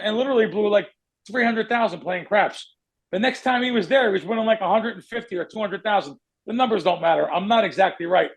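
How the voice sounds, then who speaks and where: A man hosting a betting podcast, telling long rambling stories in casual chat, cursing freely and drifting off on tangents. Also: high voice. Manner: rambling storyteller who curses and goes off on tangents. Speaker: podcast host, sports bettor.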